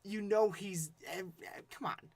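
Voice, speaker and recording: A man's voice: sits high, a little slow, a crowd in the background. A man in casual podcast chat, joking and laughing often. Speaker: podcast co-host.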